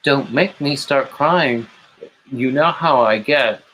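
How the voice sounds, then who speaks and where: A man hosting a late-night livestream in a leisurely, drawn-out way, rambling through stories and greeting chat viewers by name. His tone turns gushing and emotional in asides. A faint hiss sits under his voice. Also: mid-range voice, a bit bright, rough recording. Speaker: livestream host.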